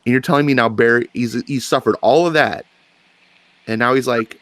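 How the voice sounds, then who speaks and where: In a dry, close recording, a man with a medium-pitched voice debates on a live comics panel. He argues with rising intensity and his pitch climbs when he presses a point. He often restarts his sentences. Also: moderate pace, no room sound. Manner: animated, emphatic, rising pitch when arguing, frequent restarts. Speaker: panelist on a comics discussion show.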